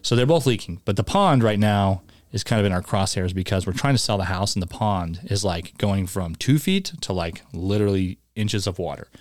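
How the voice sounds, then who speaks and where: Young male podcast co-host, low voice, dry close sound, joking storyteller. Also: moderate pace, darkish tone, no echo. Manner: storytelling, quotes people, jokey. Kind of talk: casual chat.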